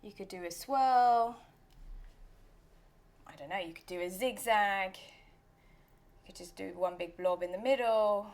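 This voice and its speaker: Taking it slowly and pausing often, this cooking show host speaks at a medium pitch. She's a woman in her thirties leading a relaxed kitchen demonstration, playful and talkative, with occasional quiet jokes at her own expense.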